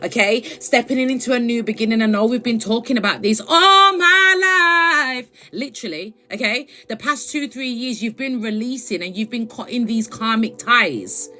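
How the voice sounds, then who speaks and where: A woman's voice: a little high, moderate pace, few pauses, sharp tone. A woman giving spiritual advice on a live stream, chatty and affectionate, checking in with "okay?" again and again. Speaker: spiritual reader.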